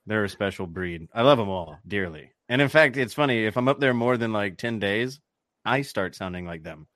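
A man's voice: fairly low pitch, expressive, moderate pace, a bit bright, no room sound. Profane Southern man on a dry mic. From American South. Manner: profane, jokey, mimics accents. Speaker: podcast co-host. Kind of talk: casual podcast chat.

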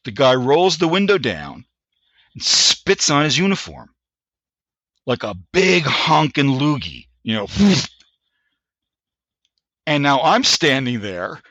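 An older American man, an army veteran, recounting an anecdote in a bright, forceful voice. He stops and restarts his phrases as he goes. The audio is dry and a bit muffled. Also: mid-range voice, big pitch swings, no room sound. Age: 60s. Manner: halting, restarts phrases, leans on filler phrases. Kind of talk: casual anecdotal storytelling.

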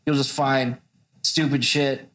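A man's voice: medium pitch, little pitch movement, slow pace, fairly bright tone. A man, a tattoo artist co-hosting a podcast, who jokes and swears a lot in easygoing banter. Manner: joking, profane, laid-back.

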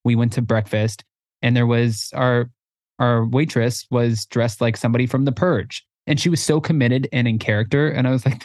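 A man co-hosting a podcast, telling stories in a playful, self-deprecating way. His voice sits at a middling pitch, and it is recorded dry and close to the mic. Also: fairly even intonation, normal speed, a little mellow, dry recording. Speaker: co-host. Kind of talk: casual podcast chat.

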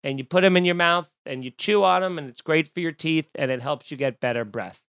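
Friendly, polite male driver, calm and earnest, played by a man, dry close recording. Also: on the high side, fairly quick, clear, resonant tone, dry recording.

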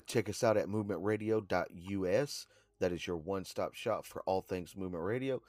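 A man with a very low voice co-hosts a casual podcast. He talks unhurriedly and pauses often with "uh". The recording is dry and close. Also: a little mellow, no room sound. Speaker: podcast co-host.

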